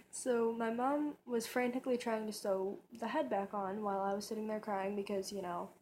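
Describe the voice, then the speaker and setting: A woman's voice: mid-range voice, fairly even intonation, normal speed, a little mellow, slight background noise. Rambling chatty young woman vlogger. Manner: rambling, chatty, many fillers and restarts. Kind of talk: casual tag video chat. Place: bedroom, on her bed.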